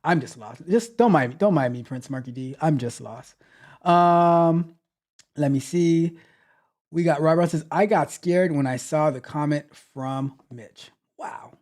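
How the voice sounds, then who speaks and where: A man's voice: a little high, unhurried, a little mellow. Man casually teasing his live chat. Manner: playful, teasing, reads chat comments aloud; repeats phrases, loose and chatty. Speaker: tech coach hosting a livestream.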